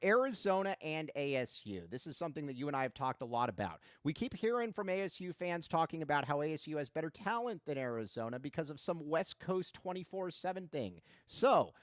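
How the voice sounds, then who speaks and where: A man's voice: fairly high pitch, lively intonation, a little fast, few pauses, dry recording, clean studio sound. A man hosting a live sports talk show, chatty and self-deprecating.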